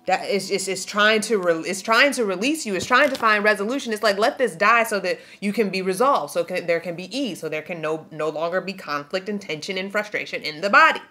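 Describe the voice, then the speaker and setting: A woman's voice: mid-range voice, a little fast, few pauses, sharp tone. A woman giving a spiritual tarot reading to camera. She preaches in an emphatic, slangy way, reads aloud from a card book, and is tearful. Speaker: tarot reader.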